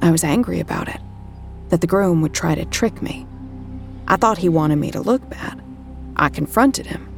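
A woman's voice: fairly low pitch, expressive, normal speed, gravelly, pauses often, soft background music. An actress playing a troubled female agent who narrates her own story in first person in an audio drama. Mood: tense. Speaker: narrator and lead character.

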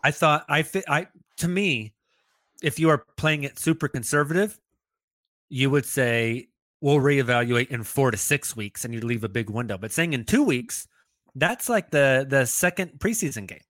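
A man co-hosting a podcast, talking in a chatty, animated way with quick asides. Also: mid-range voice, dry recording, studio quality. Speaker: podcast co-host. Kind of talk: casual sports chat.

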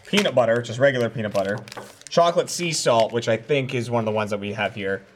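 A man's voice: mid-range voice, quick pace. A man co-hosting a casual podcast chat, easygoing, with short reactions. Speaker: podcast co-host.

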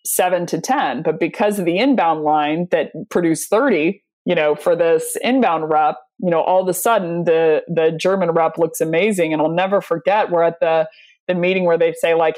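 A woman guest speaking casually on a sales podcast, telling stories with plenty of fillers and frequent laughter. Her voice sits a bit low. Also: normal speed, a little mellow. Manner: chatty, anecdotal, laughs often, many fillers. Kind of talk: casual conversational interview.

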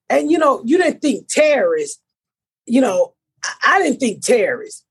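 A middle-aged American woman hosting a podcast, telling profane, animated stories and acting out what everyone said. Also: high-pitched, moderate pace, creaky. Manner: profane, animated storyteller acting out her own quotes. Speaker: podcast host. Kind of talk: casual chat, storytelling.

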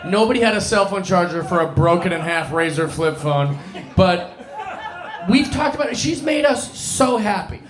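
A man's voice: sits high, lively intonation, moderate pace. Man telling a dive-bar story. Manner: swearing, self-mocking, laughing. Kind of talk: casual storytelling. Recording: roomy echo with crowd noise.

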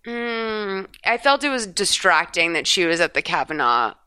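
A woman co-hosting a podcast, recapping a film in casual, profane, animated chat. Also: mid-range voice, normal speed, clean tone. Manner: chatty, profane, animated storytelling.

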